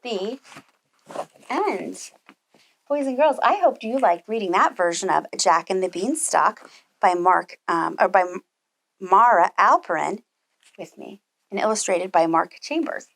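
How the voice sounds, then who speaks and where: Animated woman reading to children. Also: medium pitch, unhurried, creaky, pauses often. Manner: animated, with gasps and asides to children. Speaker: preschool teacher. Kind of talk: children's storybook read-aloud.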